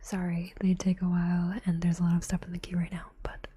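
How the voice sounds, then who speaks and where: A woman streamer in a whispered role-play, talking softly and chattily into a close mic with a foam cover. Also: lowish voice, completely flat delivery, a little fast, breathy edge. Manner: soft whispering, chatty and giggly. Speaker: ASMR streamer. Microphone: close studio mic with foam cover.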